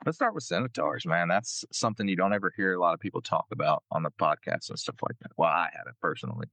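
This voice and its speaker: A man's voice: sits low, lively intonation, fast talker, pushed and bright, no echo. A man with a country accent hosting a podcast, easygoing and laid-back. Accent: American country. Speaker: podcast host. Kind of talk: casual chat.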